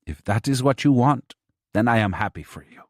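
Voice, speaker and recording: A man plays a fretful older mother, high-pitched and loud, firing off worried questions. The read is close and dry. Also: expressive, moderate pace, no room sound, natural voice. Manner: exclamatory, fretful. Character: emotional older Mexican mother, excitable.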